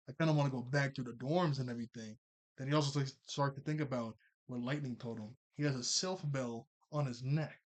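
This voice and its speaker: A man casually recapping an anime episode, rambling and chuckling as he paraphrases the characters' lines. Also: mid-range voice. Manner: rambling, laughs often, quick paraphrased quotes. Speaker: anime reviewer.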